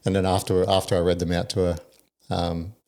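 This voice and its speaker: A man's voice: low-pitched, little pitch movement, a little fast, warm tone. A man hosting a podcast, asking questions in a laid-back way and swearing casually. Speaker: podcast host. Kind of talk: casual conversational interview.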